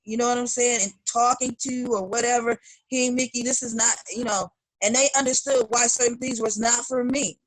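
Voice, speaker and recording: Animated middle-aged woman, raised in Chicago. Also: a little high, moderate pace, dry recording. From Chicago, United States. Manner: animated, acts out quoted voices of family. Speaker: guest singer. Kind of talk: casual interview chat.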